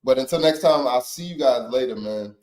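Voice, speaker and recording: A young man hosting a casual livestream, chatting with viewers in slang, swearing freely, laughing often and letting out loud yelps. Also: mid-range voice, a little fast. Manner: laid-back, laughs a lot, slangy and profane, breaks into loud yelps. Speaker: livestream host.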